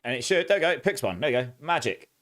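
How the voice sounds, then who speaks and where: A man's voice: medium pitch, very animated, very fast, a bit bright. A young man chatting casually on a game live stream, thanking viewers and exclaiming often.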